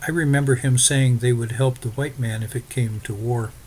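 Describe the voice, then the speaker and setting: A man's voice: mid-range voice, fairly even intonation, normal speed, a little mellow, slightly rough, lightly acted, low-quality recording. A man voicing a polite, earnest young Irish immigrant looking for farm work.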